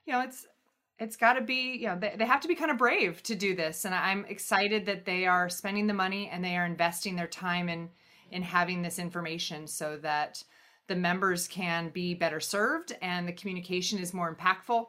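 A woman co-hosting a podcast in a bright, fairly low voice. She speaks casually and sounds enthusiastic. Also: normal speed. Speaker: podcast co-host. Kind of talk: casual chat.

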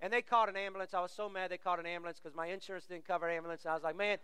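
Middle-aged male pastor, animated sermon delivery, crisp resonant tenor, long hall reverb. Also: high voice, racing. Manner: animated storyteller, acts out quoted voices.

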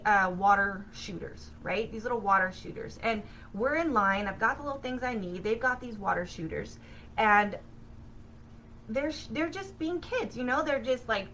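A woman hosting a spiritual self-help podcast, telling a personal story in an animated, excitable way with sudden bursts of energy. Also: a little high, a little hiss or hum, rough recording. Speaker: podcast host.

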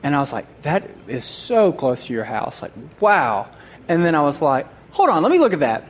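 A man telling a humorous personal story to a group, animated and acting out his own remarks. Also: on the high side, normal speed, slight background noise. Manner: animated, acts out his own quoted thoughts, laughs often.

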